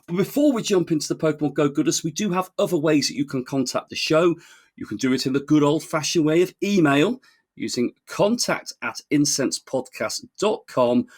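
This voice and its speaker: English man, podcast co-host, slightly raised pitch, husky, jokey and laughing, reads plugs. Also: expressive, brisk. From England. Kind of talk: casual podcast chat.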